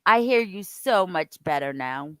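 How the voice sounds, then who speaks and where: A woman's voice: lowish voice, expressive, a little slow, clean tone, no room sound, rough recording. A woman hosting a casual live-stream conversation, her voice swooping up and down as she jokes and laughs with guests. The sound is close and dry, with no room around it. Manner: playful, laughing, chatty.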